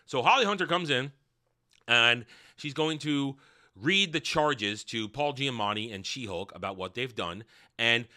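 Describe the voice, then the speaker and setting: A man's voice: medium pitch, measured pace, pushed and bright. A man hosting a casual review, recapping sarcastically with rambling, profane asides. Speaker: TV review host.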